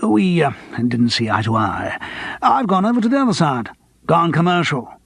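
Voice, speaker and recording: A man doing an effusive, halting TV producer. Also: on the high side, sing-song, gravelly, fairly bright tone, exaggerated voice. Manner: effusive, halting, full of ums. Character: effusive, hesitant male television producer.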